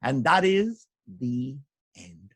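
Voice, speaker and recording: A man telling stories to children in an animated, sing-song way, often repeating phrases and talking to the kids. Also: mid-range voice, drawn-out words. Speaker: children's storyteller.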